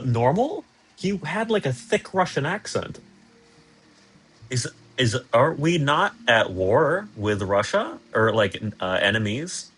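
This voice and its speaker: A man's voice: mid-range voice, a bit bright, a little hiss or hum. A young man streaming from a hotel room, chatting casually and reading out viewer messages in a rambling, sarcastic, self-deprecating way with lots of swearing.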